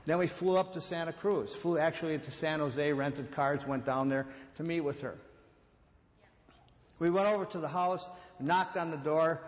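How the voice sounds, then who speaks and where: A man's voice: on the high side, moderate pace. Conversational man preaching in a reverberant hall. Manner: conversational, repeats words, acts out quotes. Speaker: speaker on addiction and grace. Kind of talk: sermon with storytelling.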